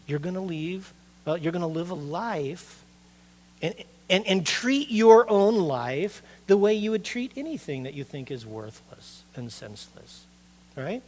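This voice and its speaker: Animated middle-aged male pastor preaching. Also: high voice, unhurried. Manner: conversational, animated preaching with rhetorical questions to the congregation. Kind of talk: sermon.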